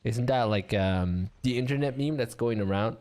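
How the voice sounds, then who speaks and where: A man commentating an online game league, chatty and bantering with viewers, with a voice getting a bit rough. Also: mid-range voice, moderate pace. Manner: chatty, animated, laughs and banters with chat.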